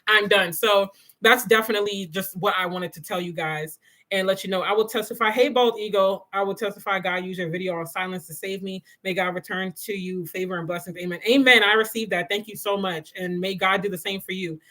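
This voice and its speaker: A woman hosts a casual morning faith talk on a livestream. Her voice is bright and forward, and she chats in a loose, animated way. She often addresses her viewers directly and answers their comments. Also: medium pitch, brisk, rough recording. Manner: chatty and animated, says "y'all" and "you know". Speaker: host of a morning devotional livestream.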